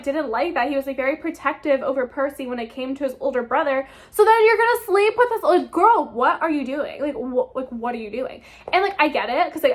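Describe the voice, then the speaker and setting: High-pitched young woman vlogger, heated book rant, swears a lot. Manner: exasperated, heated, swears freely. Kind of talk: casual ranting book review.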